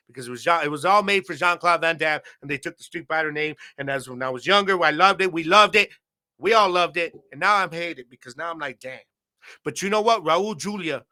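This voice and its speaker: A man's voice: on the high side, pushed and bright. A man hosting a football podcast alone, talking casually and laid-back, full of slang and fillers like "man" and "you know". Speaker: podcast host. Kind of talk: casual solo podcast talk.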